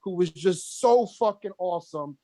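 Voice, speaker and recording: Animated swearing man telling stories. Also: high voice, moderate pace, dry recording. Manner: animated storyteller, swears freely. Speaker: podcast co-host. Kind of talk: casual chat.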